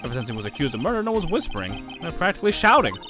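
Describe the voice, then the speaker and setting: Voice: medium pitch, very animated, rapid-fire, music in the background, natural voice. A streamer voicing an earnest, bumbling male police detective from a game, reading his lines in an eager, emphatic way. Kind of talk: game dialogue read aloud.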